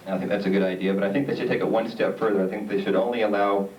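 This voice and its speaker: A man performing a stand-up comedy routine on a theatre stage, telling stories with deadpan punchlines. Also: lowish voice, very fast, lo-fi sound. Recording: roomy, distant, noisy live stage recording.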